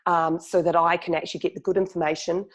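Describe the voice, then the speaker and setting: A woman from New Zealand with a New Zealand accent, a marketing speaker talking fast and laughing often as a podcast guest. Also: fairly low pitch, little pitch movement. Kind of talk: casual podcast interview.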